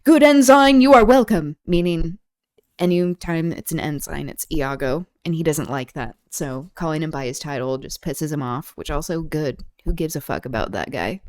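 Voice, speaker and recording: A woman's voice: deep voice, moderate pace, a little mellow, no room sound, clean studio sound. A woman hosting a streamed book club, reading a play and chatting about it casually, irreverent and blunt, full of fillers. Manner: irreverent, blunt, frequent fillers, swears freely. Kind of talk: casual reading and commentary on a livestream.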